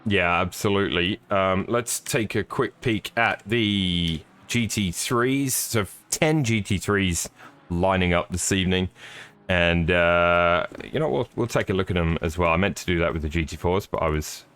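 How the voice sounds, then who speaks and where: A man's voice: sits low, normal speed, fairly bright tone, clean tone. A man commentating live on a sim race, chatty and upbeat, greeting viewers by name.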